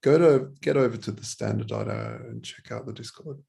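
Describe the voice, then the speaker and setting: A man on a panel show, talking casually and relaxed with many fillers. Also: medium pitch, brisk, creaky. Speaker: panel guest.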